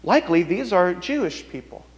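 A man's voice: big pitch swings, normal speed, long reverb tail. A man preaching a sermon in an earnest, emphatic way. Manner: earnest, emphatic preaching, voices the mockers in a higher sneering tone. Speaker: pastor.

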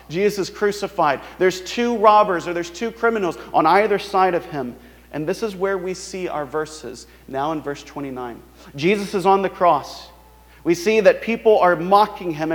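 A man preaching a sermon in an earnest, emphatic way. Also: long reverb tail. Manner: earnest, emphatic preaching, voices the mockers in a higher sneering tone. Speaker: pastor.

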